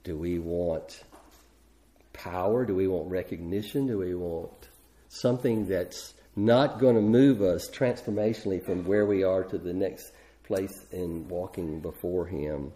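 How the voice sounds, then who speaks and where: A man's voice: low voice, a little slow, warm tone. A middle-aged man preaching a sermon in a conversational way, often restarting his sentences. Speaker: pastor.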